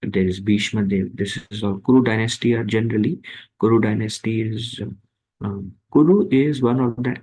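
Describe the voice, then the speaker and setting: Guy with a lowish voice teaching scripture, slow, lots of ums and pauses. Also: fairly even intonation, a little mellow, husky, rough recording. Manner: slow, halting, with many fillers. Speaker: scripture class speaker. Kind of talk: devotional scripture class.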